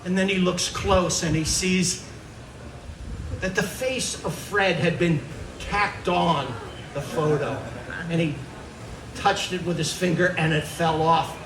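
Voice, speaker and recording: A man performing a stand-up storytelling set, animated as he acts out the tale. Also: high-pitched, slow pace, pauses often. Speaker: comedian. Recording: echoey stage from far off with noise.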